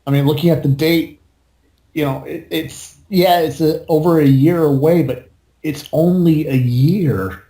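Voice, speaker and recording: Rambling and laughing with frequent swearing, a man co-hosts a podcast in loose chat. His pitch is fairly high yet steady, his tone dark, his pace unhurried, and the room echoes noticeably.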